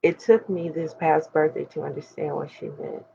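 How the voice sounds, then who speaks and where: Gravelly 40-year-old woman, emphatic and candid. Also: low-pitched, fairly even intonation, normal speed, warm tone, dull audio, a little hiss or hum. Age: 40s. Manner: emphatic, preacherly, speaks straight to her audience. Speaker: host. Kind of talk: candid personal talk to viewers.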